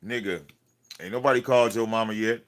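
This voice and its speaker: Man, livestream host, low voice, confrontational rant, profane, repetitive, cluttered home room. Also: steady tone, fairly quick, fairly bright tone. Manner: confrontational, profane, repeats himself. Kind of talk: ranting livestream talk.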